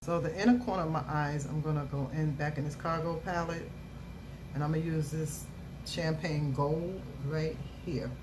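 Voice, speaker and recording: Low-voiced upbeat makeup vlogger woman. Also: normal speed. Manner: upbeat, repeats catchphrases and phrases over and over. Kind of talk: casual makeup tutorial. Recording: steady background noise.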